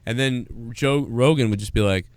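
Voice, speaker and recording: A man's voice: mid-range voice, normal speed, no echo. Male live-stream host, rambling and crude, reads donations; clean resonant voice, close and dry. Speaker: show host. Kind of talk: casual live-stream chat.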